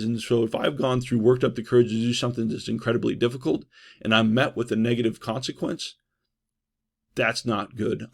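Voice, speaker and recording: A man giving a trauma-response training lecture in a conversational way, often checking in with "right?" and pausing on "uh". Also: medium pitch, vocal fry. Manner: conversational, frequent "right?" and "uh" fillers.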